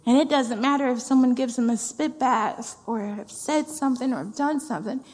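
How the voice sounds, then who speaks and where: Recorded in a reverberant church hall, a woman executive pastor preaches from the sanctuary in a high, slightly mellow voice at normal speed. Her sermon is heartfelt and conversational, with phrases repeated for emphasis.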